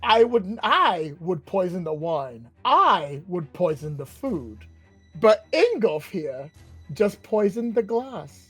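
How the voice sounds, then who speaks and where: A man's voice: high-pitched, very animated, a bit bright, breathy edge, soft background music, exaggerated voice. A man voicing a grandiose male villain who rules a dream realm, theatrical and gloating. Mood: smug. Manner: theatrical, gloating, slow and measured.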